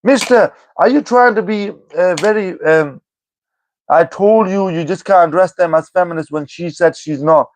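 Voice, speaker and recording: Teasing male streamer, a bit high-pitched. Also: moderate pace, slight background noise. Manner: teasing, repeats commenters' names, keeps saying "you know what I mean". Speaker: livestreamer replying to chat. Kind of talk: live-stream chat banter.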